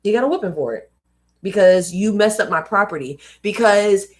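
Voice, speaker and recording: Young woman reading a book out loud on a live stream, stops to riff on it casually. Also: mid-range voice, lively intonation, moderate pace. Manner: casual, emphatic asides. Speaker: host reading books aloud. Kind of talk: live read-aloud with commentary.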